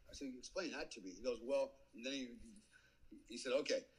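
A middle-aged man telling stories casually as a podcast guest, animated and swearing freely as he acts out the people he quotes. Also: medium pitch, brisk, breathy edge, poor audio. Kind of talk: casual storytelling.

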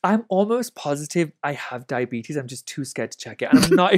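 Lively, low-pitched woman in her late thirties. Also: fairly quick. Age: late 30s. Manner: animated, laughs often, swears freely. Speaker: interview guest. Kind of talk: casual storytelling.

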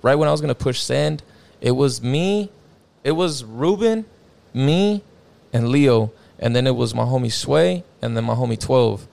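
A young man recounts a personal story in loose, casual chat, his voice heavily gravelly with a deep vocal fry. His talk is slangy and full of swearing, with "bro" and "like" dropped in constantly. His pitch sits at an everyday middle level. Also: lively intonation, a little slow, darkish tone. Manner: slangy, profane, peppered with "bro" and "like". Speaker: guest telling a personal story.

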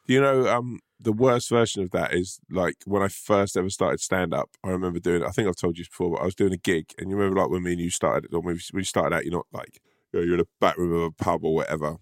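A man, a comedian co-hosting a podcast, telling stories in a casual, animated and sweary way. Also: low voice, fast talker, dry recording, clean studio sound. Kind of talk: casual chat.

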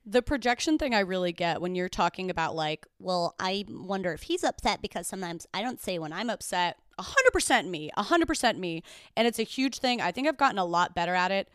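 Smooth-voiced woman co-hosting a chat podcast. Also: fairly low pitch, animated, fast, few pauses, no echo, clean studio sound. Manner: reflective, thinks aloud with many fillers. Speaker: podcast co-host. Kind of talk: casual chat.

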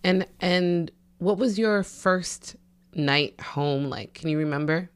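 Slow-talking woman asking interview questions. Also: fairly low pitch, smooth, no room sound. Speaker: podcast host. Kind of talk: casual interview.

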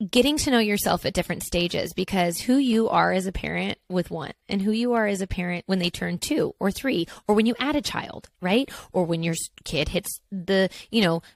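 A woman's voice: medium pitch, normal speed, gravelly, dry recording. A woman in her thirties hosting her own podcast, talking casually in a rambling, chatty way with lots of asides. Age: 30s. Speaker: podcast host. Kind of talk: casual solo podcast chat.

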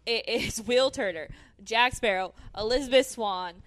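A woman's voice: a little high, a little slow. A woman in casual conversation, recapping a movie with friends, giggling as she tells stories. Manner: giggly, animated storytelling.

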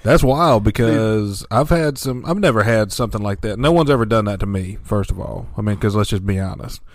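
A man's voice: lowish voice, brisk, no echo. A man chatting casually on a podcast, laid-back and telling stories with frequent laughs. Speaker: podcast host. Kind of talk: casual chat.

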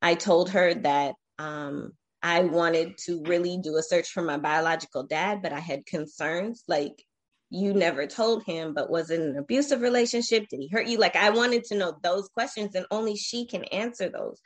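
Interview guest: woman, 40s, slightly low voice, reflective, halting, earnest storytelling. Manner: reflective, emotional, halting with fillers.

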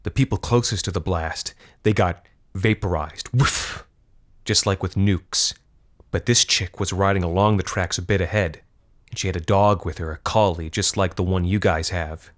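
A man's voice: sits low, normal speed, lightly acted. A man doing a cruel, mocking teenage boy. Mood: morbid. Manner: mocking, morbid, relishing gruesome details.

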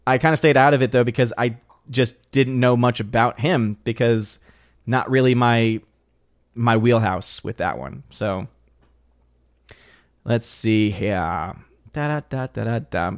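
A man's voice: medium pitch, measured pace, pauses often, no echo, clean studio sound. A man hosting a casual live stream, chatting as he reads viewer comments aloud, with frequent restarts. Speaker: live-stream host reading chat.

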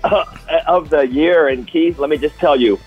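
Husky-voiced male co-host, enthusiastic storyteller, muffled audio. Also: fairly high pitch, moderate pace, faint music behind. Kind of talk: casual sports talk.

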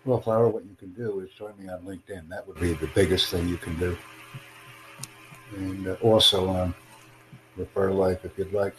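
Low-voiced guy running a live podcast stream, rambles and repeats himself, faint noise behind. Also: steady tone, moderate pace, rough recording. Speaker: livestream podcast host. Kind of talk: casual livestream chat with callers. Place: in the United States.

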